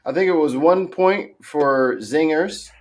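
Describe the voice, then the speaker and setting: A man's voice: a little high, unhurried. Goofy, playful male livestream host. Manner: playful, goofy, laughs a lot. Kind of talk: casual livestream chat.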